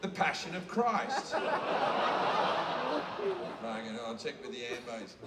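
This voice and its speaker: A man's voice: medium pitch, very animated, slow. A man with an Australian accent doing a crude, heavily profane stand-up comedy set in a large theatre. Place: large theatre with live audience. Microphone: bootleg recorded from the audience. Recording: echoey hall bootleg from far off, loud room noise.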